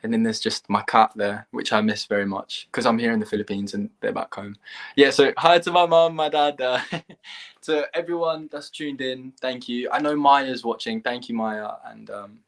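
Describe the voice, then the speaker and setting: A young man talks through an interview in a loose, easygoing way, pausing with small hesitations. His voice sits in a middle range. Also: mid-range voice. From England. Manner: relaxed, easygoing, hesitant with ums. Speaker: guest singer. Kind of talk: casual interview chat.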